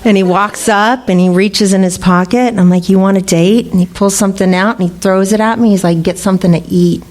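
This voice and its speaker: A woman's voice: medium pitch, fairly even intonation, fairly quick, darkish tone. A middle-aged woman speaking at a recovery meeting, candid and laughing often as she tells her story. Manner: candid, laughing, swearing freely. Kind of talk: personal recovery talk. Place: meeting room.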